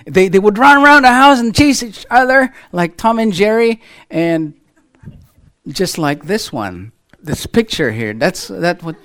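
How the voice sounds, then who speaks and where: A middle-aged man preaching from the pulpit in a higher-than-usual voice. He swings up and down in pitch as he tells his story and keeps putting rhetorical questions to the congregation. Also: sing-song, measured pace, sharp tone. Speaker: pastor. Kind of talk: sermon with a children's illustration.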